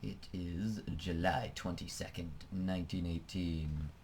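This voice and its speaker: A man with a fairly low voice talks casually through a flight-sim game, musing aloud and letting sentences trail off. He sounds like a desk-mic home recording with a faint hum behind him. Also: fairly even intonation, measured pace, darkish tone. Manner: chatty, thinking aloud, trailing off. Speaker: let's play host. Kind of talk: casual gameplay commentary.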